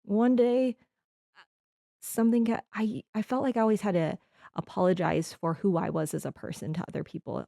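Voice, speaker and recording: A woman's voice: mid-range voice, fairly even intonation, moderate pace, creaky, warm tone, no echo, studio quality. A woman from the Midwest hosting a podcast, talking earnestly in a rambling reflective monologue with restarts. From American Midwest. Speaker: podcast host.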